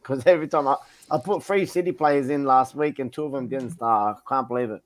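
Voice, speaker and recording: A man's voice: medium pitch, a little fast. Easygoing man, football chat. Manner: easygoing, laughs, says "mate" a lot. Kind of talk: casual football podcast chat.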